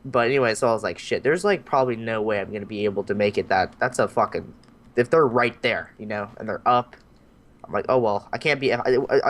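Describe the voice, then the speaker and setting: Young man, podcast host, lively casual storytelling, acts out voices, swears a lot. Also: mid-range voice. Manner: animated, acts out voices in his stories, swears freely.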